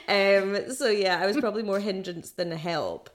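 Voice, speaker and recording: A pregnant woman co-hosting a casual podcast, telling animated stories and laughing often. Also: medium pitch, normal speed. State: six months pregnant. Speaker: co-host.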